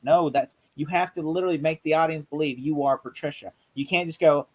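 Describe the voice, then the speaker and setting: A man co-hosting a casual movie review chat, rambling excitedly and acting out quotes. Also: on the high side, fairly quick, hardly any pauses, poor audio. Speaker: podcast co-host.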